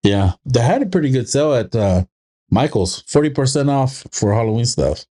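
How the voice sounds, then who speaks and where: A man in his thirties chatting casually on a podcast, with a mid-pitched voice. He rambles through stories in loose, looping sentences and acts out a child's lines with quick jumps in pitch. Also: sing-song, dark tone. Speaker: podcast co-host. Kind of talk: casual chat.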